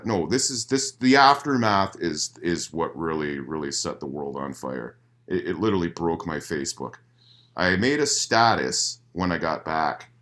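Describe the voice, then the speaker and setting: Profane, animated man telling a story. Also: sits low. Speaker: musician guest. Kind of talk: casual storytelling interview. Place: host's living room.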